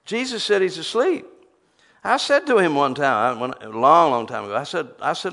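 A man's voice: fairly high pitch, lively intonation, normal speed, gravelly, fairly bright tone. A man preaching a sermon, reading scripture aloud and teasing the crowd with rhetorical questions.

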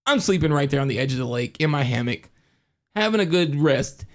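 A man with a fairly high, very animated voice co-hosts a horror podcast. He tells stories in loose, profane chat and laughs often. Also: fairly quick. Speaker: podcast co-host. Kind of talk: casual storytelling chat.

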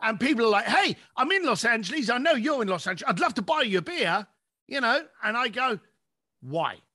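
Animated high-voiced man coaching. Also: fast talker. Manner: animated storytelling, acting out clients' lines. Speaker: business coach. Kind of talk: podcast conversation.

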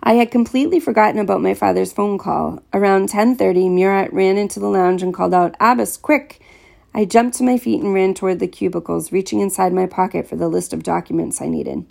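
A woman narrating a first-person story aloud in a steady, plain storytelling manner. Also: mid-range voice, quick pace, vocal fry, few pauses. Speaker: audiobook narrator.

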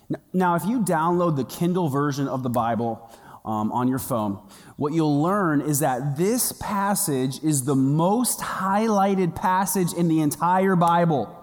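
A pastor with a notably high voice, preaching to his congregation. He tells stories with humor and plays out the people in them. His voice rings with the long reverb of a big hall. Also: expressive, takes it slowly. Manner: humorous storytelling with quoted voices. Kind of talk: sermon. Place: church auditorium.

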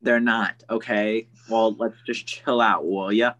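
A man's voice: lowish voice, fairly even intonation, measured pace, fairly bright tone, dull audio. A man co-hosting a casual sports podcast, rambling and joking with frequent laughs.

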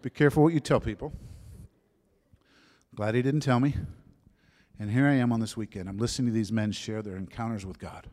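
A man in his fifties telling his conversion story as a sermon testimony, shifting from lively storytelling to soft, hushed moments. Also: lowish voice, a little fast. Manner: storytelling, drops to soft whispers at emotional moments. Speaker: preacher giving a testimony. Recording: long hall reverb.

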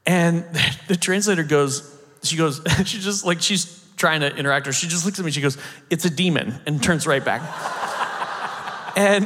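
A man from the United States preaching, telling a story in an animated way, acting out the quotes and laughing now and then. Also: a little high, background noise. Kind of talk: sermon storytelling. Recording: long hall reverb.

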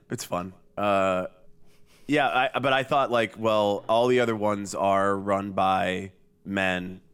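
A man with a very low, deep voice chats loosely on a podcast. He jokes, trails off and restarts his sentences often, filling gaps with "uh" and "like.". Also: a bit bright, smooth. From Chicago area. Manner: rambling, joking, many fillers and restarts. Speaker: podcast guest, emo night organizer. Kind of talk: casual podcast chat.

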